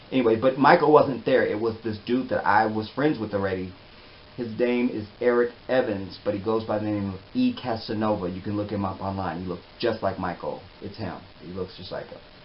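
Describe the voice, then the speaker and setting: A man's voice: fairly low pitch, moderate pace. Chatty man telling a story, dull hiss. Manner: chatty, animated, trails off softly. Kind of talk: casual storytelling. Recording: slightly dull with faint hiss.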